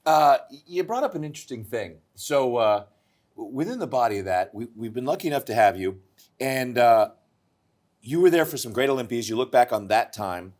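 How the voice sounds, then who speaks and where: Give me a teasing male co-host with a very lively, swooping voice. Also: medium pitch, a little fast. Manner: joking, teasing. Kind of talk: casual interview chat.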